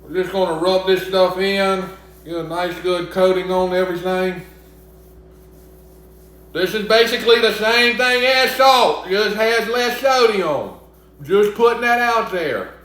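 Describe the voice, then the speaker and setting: Joking Southern young man, booming echo. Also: unhurried, a bit bright. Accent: Southern US (Mississippi). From Mississippi. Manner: chatty, joking, talks back to imagined critics. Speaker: cooking vlogger. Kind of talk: casual cooking vlog. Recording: very echoey room.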